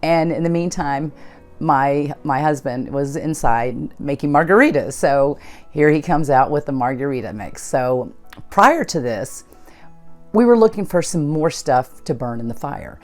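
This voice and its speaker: Low-voiced woman telling a personal story. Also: animated, measured pace, a little mellow, faint music behind. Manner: conversational, retells events with quoted dialogue. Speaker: channel host.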